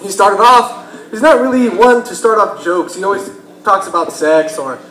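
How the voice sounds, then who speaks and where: Young texan guy doing standup, high voice, laughs at his own bits, echoey club. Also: animated, moderate pace, a bit bright. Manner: laughs through his own jokes, slips into impressions. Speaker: stand-up comedian. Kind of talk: stand-up comedy set. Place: comedy bar stage.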